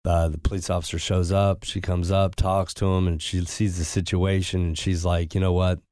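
Very deep, dark-voiced man telling anecdotes. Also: flat delivery, no echo, studio quality. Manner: anecdotal, halting restarts. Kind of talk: casual chat.

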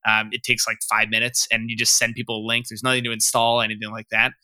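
In a casual podcast interview, a young startup founder talks fast in a mid-range voice that is completely flat and sharp-toned, with no echo. He rambles candidly and openly, dropping "you know" constantly.

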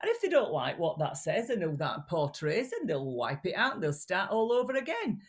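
A woman's voice: on the low side, normal speed. Blunt, chatty woman with a regional British accent. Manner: animated, blunt, chatty with restarts. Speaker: guest, voice and communication coach. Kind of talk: casual remote interview.

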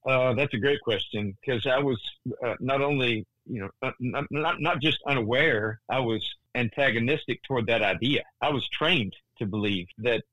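A man's voice: medium pitch, normal speed, hardly any pauses, no room sound, poor audio. Older man telling a story earnestly. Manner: animated, many restarts, voice rising in tense moments. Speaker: guest, Christian author.

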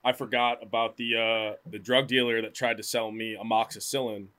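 A man's voice: on the low side, little pitch movement, moderate pace, background noise. An American man in casual chat, telling travel stories and swearing freely. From United States.

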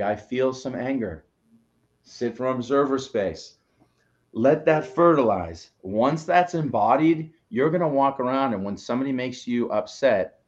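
A man's voice: mid-range voice, a little mellow, lo-fi sound. A man co-hosting a motivational live show, coaching listeners in an emphatic, preachy way and swearing now and then. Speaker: co-host, coach.

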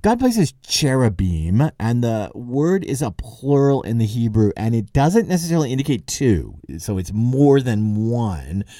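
A man's voice: mid-range voice, very animated, unhurried, hardly any pauses, dark tone, no echo, studio quality. A man hosting a podcast, giving a conversational literary lecture, thinking aloud with occasional chuckles. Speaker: podcast host and lecturer on Dante.

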